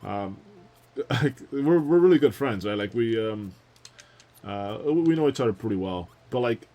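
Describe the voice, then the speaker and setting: A young streamer speaks a little slowly but animatedly, in a medium-pitched voice with a dark tone, while playing a video game. His casual let's-play storytelling rambles through chatty anecdotes, frequent laughs, fillers, and asides.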